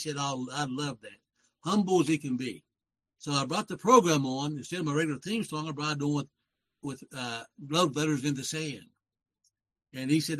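A man's voice: fairly high pitch, brisk, a bit bright, poor audio. An older man in his seventies with a Southern accent, talking as a guest on a radio program. He rambles in a folksy way and often corrects himself. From West Virginia. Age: 70s. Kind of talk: casual talk show conversation.

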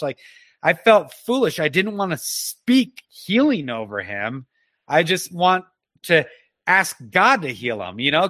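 A man giving an emotional personal testimony as a guest, earnest and halting, often restarting his sentences. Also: a little high, pushed and bright, no echo. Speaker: guest telling a personal story.

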